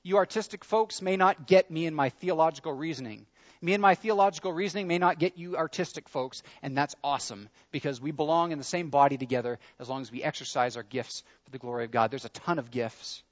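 A man's voice: fairly high pitch, fast talker, highs cut off. A man preaching a sermon in an earnest, conversational way, leaning into his questions. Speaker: pastor.

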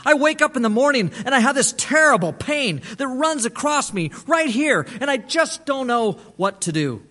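A man's voice: very high-pitched, very animated, normal speed, pushed and bright, pitched above the performer's own voice, full character voice. A man voicing a frightened drunk man who pleads for help in a strained, desperate voice. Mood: anxious.

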